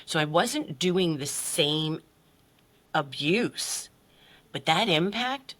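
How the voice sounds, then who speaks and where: Podcast guest, woman, middle-aged, candid and blunt, bright forceful tone, swears, voices others. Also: sits low, expressive, extremely slow. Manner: blunt, swears freely, acts out quotes with big voices. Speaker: podcast guest, life coach. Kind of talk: candid personal story in conversation.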